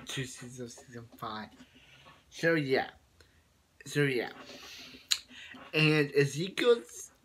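A man's voice: mid-range voice, bright, forceful tone. A man casually recapping a cartoon episode in a rambling way, full of fillers and restarts. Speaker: show reviewer.

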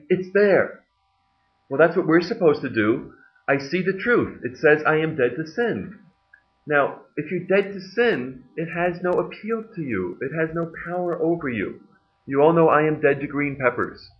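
Lively preaching man, lo-fi church tape. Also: a little high, moderate pace. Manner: conversational preaching with jokes and laughs. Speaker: pastor. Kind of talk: sermon.

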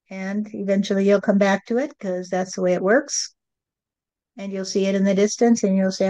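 A woman working as a medium, speaking for a spirit in a slow, rhyming, preachy monologue that keeps asking "you see". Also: medium pitch, flat delivery, dark tone, highs cut off.

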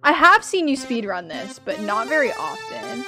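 A woman streaming a platform game, chatting with her viewers, laughing a lot and yelling loudly when she fails. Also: high voice, very animated, normal speed, few pauses, soft background music. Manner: chatty, laughs often, bursts into loud yells at failures. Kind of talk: casual live-stream commentary.

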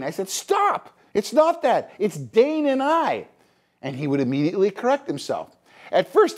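A middle-aged Canadian man hosts a podcast, launching into an exasperated, scolding opinion monologue. His voice sits high and has a darkish tone.

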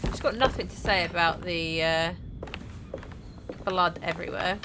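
A woman's voice: lowish voice, fairly even intonation, unhurried, noisy background. A woman chatting casually as she plays a horror game, joking with herself. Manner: chatty, self-mocking. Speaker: gameplay streamer. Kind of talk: casual let's-play commentary.

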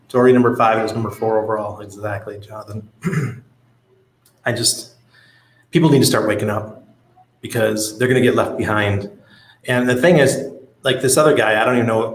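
A man's voice: fairly low pitch, roomy sound, poor audio. A man hosting a casual livestream, reading out viewer comments and telling stories in a blunt, profane way. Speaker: crypto livestream host.

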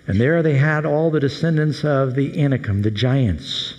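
A man's voice: mid-range voice, normal speed, a little mellow. A male pastor preaching a sermon, telling the story with humor and animation in a large hall. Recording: echoey hall reverb.

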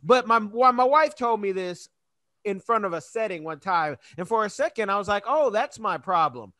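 A man's voice: high voice, moderate pace, sharp tone, dry recording, studio quality. A man hosting a podcast, chatting casually with a guest and laughing easily. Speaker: podcast host. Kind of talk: casual interview chat.

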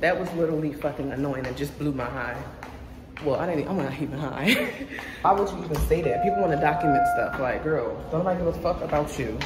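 A woman's voice: low voice, fast talker. A young woman vlogging from her car and her school, talking bluntly and cursing freely when annoyed. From Philadelphia area. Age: young adult. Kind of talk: casual vlog talk.

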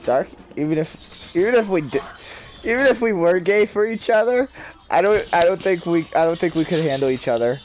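A man in casual gaming banter with a friend, loud and teasing, prone to screaming, his voice worn from all the yelling. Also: sits high, lively intonation, a little fast. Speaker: gamer streaming with a friend.

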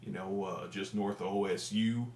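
A man's voice: fairly low pitch, steady tone, normal speed, a little mellow, roomy sound. A man with a Central Ohio accent, talking to his computer in a casual, hesitant, rambling vlog full of fillers. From Ohio, USA. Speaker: video blogger. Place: room at home in front of computer.

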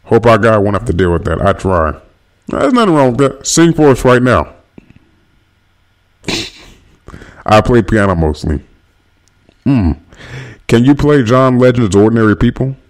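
Brief: young adult male streamer from Northern California, striking voice, loose and jokey, rapid-fire shout-outs to his chat, phone mic. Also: medium pitch, very animated. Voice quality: voice that viewers single out as striking. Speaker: livestream host. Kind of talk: casual livestream chat reading comments aloud.

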